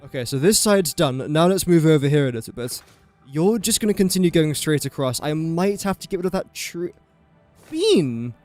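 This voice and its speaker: A man's voice: on the high side, a little fast, darkish tone, faint music behind. A young man from England chatting casually on a gaming livestream, rambling and self-mocking as he builds. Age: young adult. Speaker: streamer.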